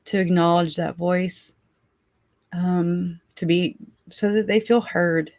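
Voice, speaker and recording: A woman hosting a casual livestream, rambling warmly and laughing often as she reads out and thanks viewers for their comments. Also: fairly low pitch, slow, no echo, clean studio sound. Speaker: livestream host.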